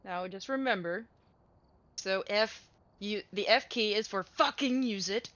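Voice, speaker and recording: A woman's voice: mid-range voice, unhurried, a bit bright, no room sound, highs cut off. A woman in casual gaming chat, playfully explaining game controls to her friends. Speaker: podcast co-host.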